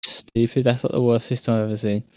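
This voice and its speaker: A man's voice: mid-range voice, level tone, quick pace, darkish tone, clean tone, no echo, muffled recording. A man co-hosting a podcast, making blunt, dismissive remarks in casual chat. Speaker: podcast co-host.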